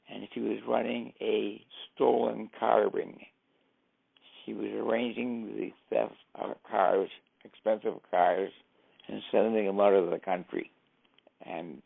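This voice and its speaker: An older man with a rough, gravelly voice and a husky edge spins long anecdotes for an interviewer. He sits a little low in pitch, and the sound is thin and tinny, like a phone line. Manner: anecdotal, acts out quoted speech. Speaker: interviewee, former driver and informant. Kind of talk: storytelling interview.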